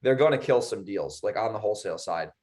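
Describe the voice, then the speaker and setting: A man's voice: on the low side, lively intonation, fast, darkish tone. Fired-up, cussing man telling a story. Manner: heated, profane, mimicking others. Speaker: podcast co-host. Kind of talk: casual storytelling.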